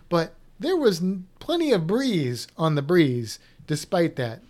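Reading out listener comments, this podcast co-host speaks in a somewhat high voice with a darkish tone. His casual chat is rambling and talkative, with frequent restarts mid-sentence.

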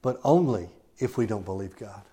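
A man's voice: fairly low pitch, animated, normal speed, mellow, husky. A man preaching a sermon, telling a Bible story and acting out the quoted lines as he goes.

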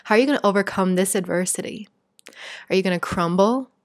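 A woman's voice: medium pitch, fast, no room sound, close to an everyday voice. A woman voicing the universe as a teasing, knowing cosmic presence in a dry, close recording.

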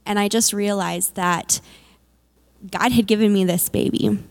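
A woman, a mother of four, shares a personal faith testimony in a candid, unpolished way. Her speech is full of fillers and restarts. Her mid-pitched voice carries a gravelly creak. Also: steady tone, unhurried. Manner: candid storytelling with many fillers.

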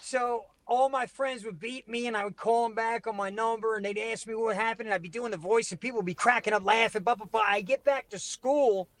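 Give me a man with a high voice telling a rowdy, profane story. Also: fairly quick, few pauses, dry recording. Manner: animated, profane, laughs through the story. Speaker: podcast guest storyteller. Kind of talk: casual storytelling.

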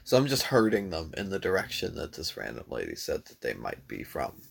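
Gravelly laid-back man telling a story. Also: extremely low pitch, huge pitch swings, fairly quick. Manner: laid-back, swears freely, says "dude" and "like" a lot. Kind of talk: casual storytelling chat.

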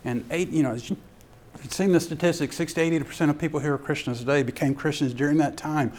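A man giving a sermon-style ministry talk as an animated storyteller who acts out scenes. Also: on the high side, quick pace. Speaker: ministry speaker.

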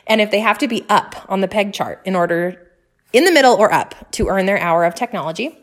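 A woman in her thirties talks straight to her listeners in a casual podcast monologue. Her voice sits at an ordinary middle pitch, and she sounds eager and chatty. She speaks with earnest, faith-filled warmth. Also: a little fast. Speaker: podcast host and mother.

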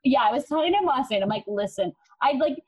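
A woman's voice: high-pitched, lively intonation, fast talker, a little mellow, breathy edge. A young woman co-hosting a podcast, chatting casually and laughing easily. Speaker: podcast co-host. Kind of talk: casual chat. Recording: slightly dull lo-fi audio.

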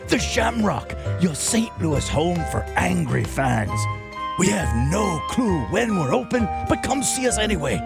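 A man's voice: fairly low pitch, animated, measured pace, vocal fry. A man voicing a boisterous male pub announcer in a comic ad, with a jolly, exaggerated, mishmash brogue-like accent. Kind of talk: comic radio ad read. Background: loud music bed.

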